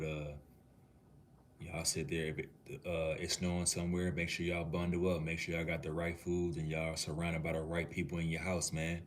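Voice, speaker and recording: Super deep flat-voiced guy from minneapolis just vibing with his stream chat. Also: slight background noise. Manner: laid-back, easygoing, talks to the chat like a cool uncle. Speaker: livestreamer. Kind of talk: casual livestream chat, answering viewers' comments.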